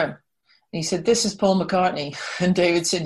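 A middle-aged woman, a guest, telling a story in a lively way and often laughing. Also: fairly low pitch, takes it slowly, long pauses, a little hiss or hum. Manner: animated, laughing, acts out quoted voices. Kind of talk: casual storytelling.

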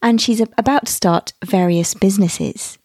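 A woman's voice: medium pitch, normal speed, darkish tone, no room sound, clean studio sound. A woman hosting a podcast, enthusiastic and chatty as she introduces and interviews her guest. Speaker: podcast host.

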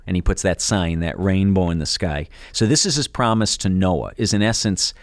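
A man with a lowish voice co-hosts a podcast and walks his listener through a subject in an earnest, teaching manner. He drops in wry little asides. The sound is dry and close, with no room echo. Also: moderate pace. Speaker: co-host.

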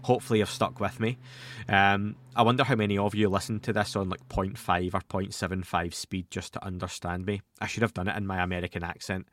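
A man in his thirties talks casually into a podcast mic. His voice sits fairly low and he rambles along with chatty asides, and the recording is close and dry with no room sound. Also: flat delivery, fairly quick, a bit bright, no room sound. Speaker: podcast host answering listener questions.

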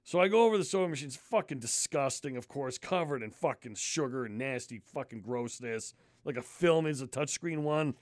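A man's voice: medium pitch, fairly quick, dry recording, studio quality. A man telling a disgusted, swear-filled story in casual podcast chat. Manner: animated, swears constantly, disgusted ranting. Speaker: podcast host.

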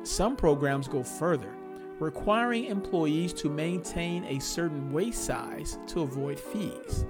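A man's voice: a little high, lively intonation, slow pace, over music. Reflective male podcast host. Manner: thoughtful, reflective, laughs now and then. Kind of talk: solo opinion podcast.

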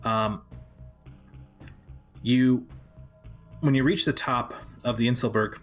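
A man running a tabletop game, narrating scenes in a relaxed, loose way. He fills pauses with ums and likes. His pitch is average for a man. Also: faint music behind. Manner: casual, many fillers. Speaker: game master.

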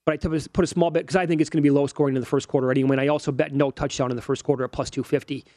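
This man in his forties co-hosts a sports betting show, chatting casually while he works through odds and stats analytically. His voice sits on the high side, steady, a little mellow, and he races along with no room sound.

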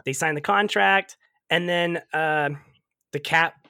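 A man on a podcast recapping a movie in casual chat, telling it with lively energy, laughing often and swearing freely. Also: fairly high pitch, slow pace, gravelly, smooth, no room sound, clean studio sound.

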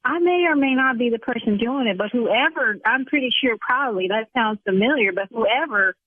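A woman salon owner from the South Side, indignant and exasperated, speaking defensively and swearing on a call. Her voice is fairly high and husky. The sound is a tinny, dry phone line. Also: expressive, moderate pace, no echo. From South Side of Chicago.

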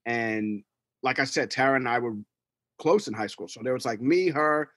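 A middle-aged man from New York in a casual storytelling chat, animated, swearing and acting out quotes, on a close studio mic. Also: medium pitch, normal speed, no echo. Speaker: podcast co-host.

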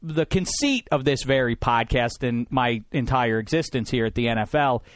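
A man's voice: mid-range voice, expressive, normal speed, dry recording. A man hosting a sports podcast in a studio, rambling and joking with frequent restarts. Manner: rambling, jokey, restarts a lot. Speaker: podcast host. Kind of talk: casual studio chat.

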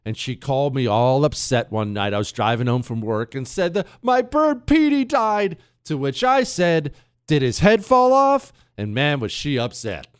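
A man hosting a talk radio show from a studio, telling a story in a casual, animated way. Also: mid-range voice, normal speed, hardly any pauses, clear, resonant tone, no echo. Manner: animated storyteller, laughs at his own tale. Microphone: studio microphone.

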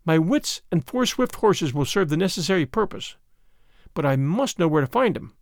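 A man's voice: fairly high pitch, sing-song, normal speed, vocal fry, a little mellow, no room sound, studio quality. A man voicing a desperate noble lady who pleads earnestly for help. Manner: pleading, urgent.

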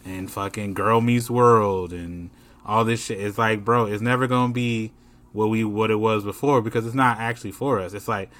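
A man co-hosting a podcast in loose, profane casual chat, animated and full of slang. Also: on the low side, normal speed. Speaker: podcast co-host.

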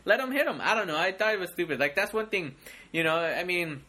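A young man co-hosting a casual movie chat, rambling and excitable with many restarts. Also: high-pitched, a little fast. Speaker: podcast co-host.

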